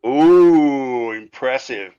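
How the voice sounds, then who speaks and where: A man running a tabletop game as game master, animated and quick to laugh. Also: medium pitch, clear, resonant tone, no room sound, muffled recording, faint music behind. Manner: animated, laughing, voices exclaiming.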